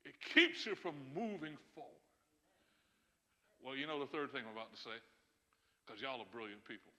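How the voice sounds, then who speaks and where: Here the pastor speaks in a mid-range, sing-song voice at normal speed, with a sharp tone. His sermon in the church sanctuary is emphatic and laced with chuckles and asides, all under long hall reverb.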